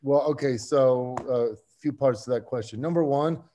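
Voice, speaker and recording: A man as a podcast guest, telling a story in an animated, excitable way with many restarts. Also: medium pitch, moderate pace. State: getting emotional. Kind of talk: casual chat.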